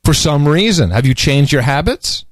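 A man hosting a podcast in casual chat, animated and mocking, often slipping into sarcastic voices. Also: on the high side, moderate pace, dry recording, studio quality. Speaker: podcast host.

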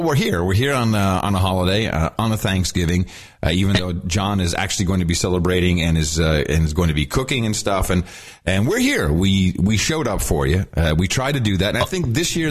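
A man co-hosting a podcast in casual chat, animated and chatty, laughing easily. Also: sits low. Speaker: podcast co-host.

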